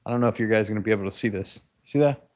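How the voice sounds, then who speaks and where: A man's voice: on the low side, very fast. A man hosting a whiskey livestream from his home, chatting loosely and joking as he walks to his garage holding his phone. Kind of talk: casual livestream chat. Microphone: handheld phone.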